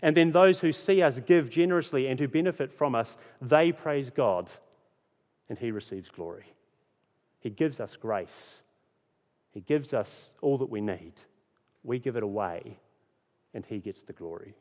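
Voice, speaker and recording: Male pastor, mid-pitched, earnest sermon delivery with repeated refrains; long hall reverb. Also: animated, a little slow, pauses often, darkish tone. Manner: earnest, repeats key phrases for emphasis.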